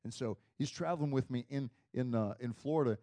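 A man preaching a sermon in a conversational, storytelling way, dropping to a hush and then rising to loud emphasis. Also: medium pitch, a little fast.

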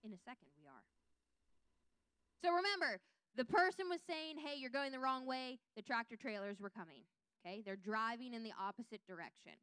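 A woman teaching a Bible lesson, reading scripture aloud with lively voiced quotes and checking in with her listeners. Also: a little high, fairly quick, smooth, no room sound.

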